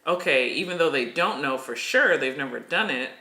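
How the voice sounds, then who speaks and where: A middle-aged podcast co-host telling a story in casual chat, animated and breaking into nervous laughs. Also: mid-range voice, normal speed. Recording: echoey room.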